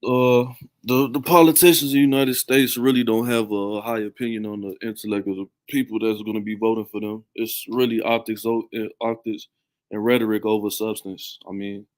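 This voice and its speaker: A man in casual chat on a remote call, measured and hesitant, with fillers. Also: lowish voice, flat delivery, dry recording. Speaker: podcast participant.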